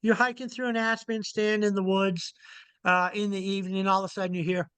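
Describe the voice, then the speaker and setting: A middle-aged man lectures in a casual, folksy way, circling back to the same points. His voice sits high and sounds smooth and clear. The sound is dry and close, with no room around it. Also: level tone, a little fast, a bit bright, no echo. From Montana. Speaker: owl researcher giving a presentation. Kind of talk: informal illustrated lecture.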